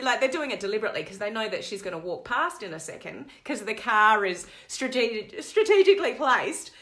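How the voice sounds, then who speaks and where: Bright-voiced woman coach chatting live. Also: on the high side. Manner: animated, digressive storytelling. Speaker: network marketing coach. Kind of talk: live-stream chat to viewers.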